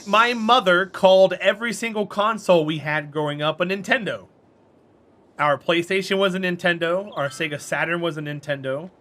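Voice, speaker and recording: A man's voice: high voice, pushed and bright. A man chatting casually on a live stream while playing a game, rambling and answering chat.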